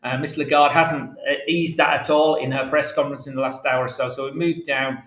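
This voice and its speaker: A market analyst gives live commentary over currency charts from an office workstation, halting with many "uh"s and restarted sentences as he searches the charts and talks to viewers. His voice is middle-pitched, steady and fairly bright. The room rings noticeably, and he sometimes drifts away from the mic.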